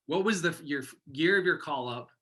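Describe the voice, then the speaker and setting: A male host with a bright, sharp voice leads a casual interview. He is easygoing and affirming, and his questions ramble a little. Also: on the high side, lively intonation, brisk. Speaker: host, coach.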